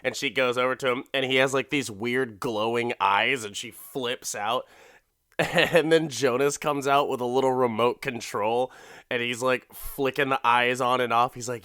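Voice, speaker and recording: A man hosts a comedy podcast, loosely recapping an episode while laughing, swearing, and doing put-on voices for the characters. His medium-pitched voice is unhurried, pushed and bright, clear and resonant, captured in clean studio sound with no echo.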